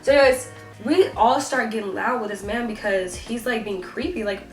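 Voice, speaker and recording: A teenage girl, telling an animated storytime rant, full of fillers and swinging into voices for the people she quotes. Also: fairly high pitch, normal speed. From South Carolina. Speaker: vlogger. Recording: echoey, voice a bit far from the mic, faint music.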